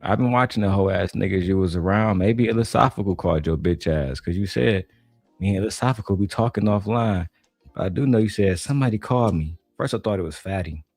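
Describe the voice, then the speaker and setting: A man's voice: deep voice, fast talker, a little mellow, dry recording, faint music behind. A man from Detroit giving blunt, mocking, heavily profane reaction commentary on a panel clip. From Detroit, USA.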